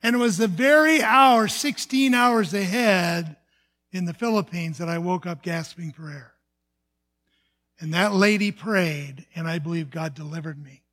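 A man's voice: high voice, measured pace, a bit bright. An older man from the United States, a pastor, telling a personal testimony in an earnest storytelling sermon, often restarting his sentences.

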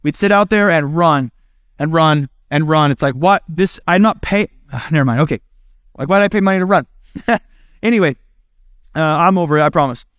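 A man's voice: on the high side, normal speed, pauses often, fairly bright tone, dry recording, clean studio sound. A middle-aged male pastor from the American Midwest, preaching in a conversational, self-deprecating way and acting out quoted lines. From Indiana, United States. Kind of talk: sermon.

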